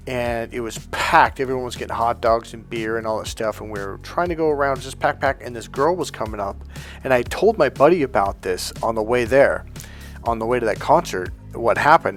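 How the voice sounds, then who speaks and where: A man talking as a life coach in a loose, storytelling monologue. He gets animated, pitching up to act out the people in his stories, and swears bluntly along the way. Soft music plays faintly underneath, and his voice sits at an ordinary middle pitch. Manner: animated, acts out quoted people in raised voices.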